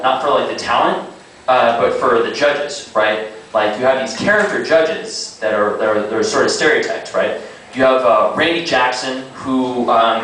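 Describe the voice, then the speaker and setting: A young man doing a stand-up set, rambling and halting with lots of fillers and self-aware asides. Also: medium pitch, fairly bright tone. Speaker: stand-up comic. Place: small comedy club. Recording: echoey club, distant mic, audible noise.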